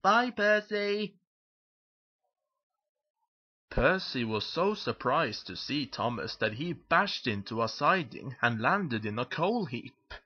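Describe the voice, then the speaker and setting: A man narrating a children's picture book aloud in a lively, expressive storytelling manner. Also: medium pitch, unhurried, hardly any pauses, husky, lo-fi sound.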